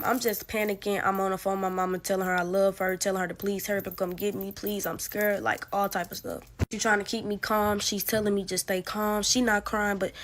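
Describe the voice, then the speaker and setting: A young woman in her late teens recounting a personal story in a relaxed, conversational storytime voice at a mid pitch. She speaks informally, with plenty of fillers, and retells events vividly as she goes. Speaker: student telling her own story. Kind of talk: casual first-person storytelling.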